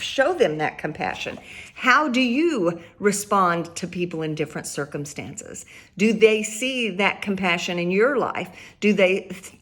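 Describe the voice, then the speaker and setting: A woman's voice: mid-range voice, a bit bright. Woman, middle-aged, earnest parenting advice, conversational, light laughs, repeats points. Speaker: parenting speaker.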